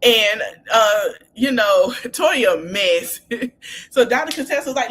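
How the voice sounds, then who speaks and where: A woman podcast host casually recapping reality TV scenes, animated and laughing often as she retells what the cast said. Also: a little high, takes it slowly.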